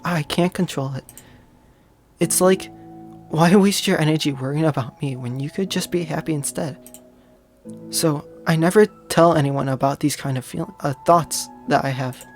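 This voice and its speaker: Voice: mid-range voice, normal speed, faint music behind, natural voice. A gamer reading as a timid sad teenage girl. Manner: soft, hesitant. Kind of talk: reading a visual novel aloud.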